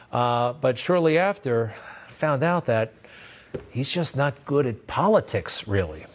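A man's voice: mid-range voice, lively intonation, a little slow, a little hiss or hum. A man hosting a news show, giving blunt, sarcastic political commentary in a conversational way. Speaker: host.

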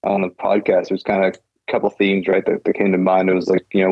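A man's voice: sits low, completely flat delivery, brisk, no echo, lo-fi sound. A man, a guest pilot, telling his story in a loose, casual way, repeating phrases and laughing now and then.

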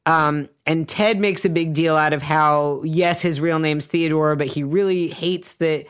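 A woman's voice: sits low, steady tone, measured pace, smooth. A woman co-hosting a casual podcast chat, breaking down a film scene in a dry, analytical, matter-of-fact way. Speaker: podcast co-host reviewing a film.

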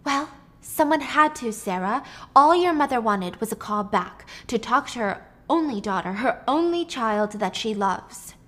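A woman's voice: fairly high pitch, lively intonation, measured pace, a bit bright. A woman voicing a smug, composed young female clone.

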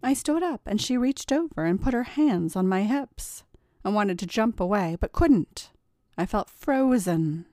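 A woman narrating a first-person story in a quiet, confiding way. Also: mid-range voice, dry recording, studio quality.

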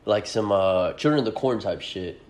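A young man in his twenties with a low voice tells loose, rambling stories on a podcast. He swears a lot, leans on "like", and acts out what other people said. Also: moderate pace, darkish tone. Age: 20s. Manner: rambling profane storytelling, acts out quotes. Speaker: podcast host. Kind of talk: casual podcast chat.

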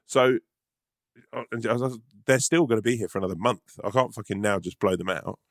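A man's voice: fairly low pitch, brisk, no room sound, studio quality. A man from London telling a long, rambling story in casual chat, swearing freely and restarting sentences often. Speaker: podcast co-host.

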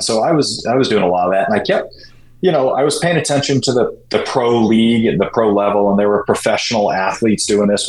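A man talks casually as a guest in an interview, going through his story at an easy pace. His voice sits a little low. The recording has a noticeable roomy echo. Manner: animated, jumps higher when quoting people. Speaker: guest, shoe importer.

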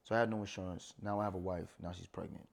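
A man's voice: low voice, fairly even intonation, quick pace, vocal fry. A man in his thirties, a guest in casual conversation, telling candid personal stories in an earnest way.

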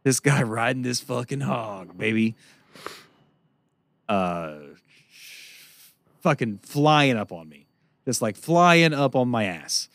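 A man telling a long story as a podcast co-host, profane and animated, laughing often. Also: medium pitch, slow pace, pauses often, dry recording. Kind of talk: casual storytelling chat.

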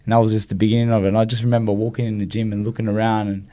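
Animated Australian man telling stories. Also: fairly low pitch, very fast. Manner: animated storyteller, many "you know" fillers and restarts. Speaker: podcast guest. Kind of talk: casual storytelling interview.

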